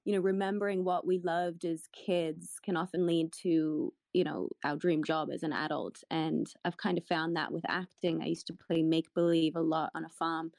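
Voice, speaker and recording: A woman's voice: sits low, steady tone, moderate pace, creaky, hardly any pauses, darkish tone, dry recording. A woman from Australia asking a polite, slightly hesitant question at an online panel. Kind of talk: casual question.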